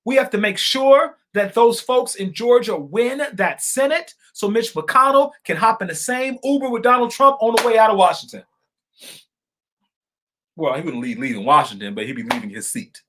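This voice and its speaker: A man holds forth on a live stream, calling his viewers y'all and folks. He talks fervently and circles back to the same points, jumping from loud outbursts to quiet asides, then slips into reading comments aloud. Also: high-pitched, lively intonation, moderate pace. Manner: fervent, repetitive, swings between shouting and quiet asides.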